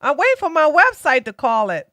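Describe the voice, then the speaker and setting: A woman's voice: sits high, wildly swooping pitch, a little fast, fairly bright tone, no room sound, clean studio sound. A woman hosting a live stream, giving chatty, sarcastic commentary that rambles along. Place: home in Georgia.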